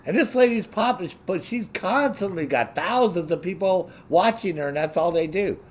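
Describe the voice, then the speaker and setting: Speaking at a moderate pace in a high-pitched voice, a man streams a casual rant to his viewers. He swears heavily and sounds animated and indignant throughout.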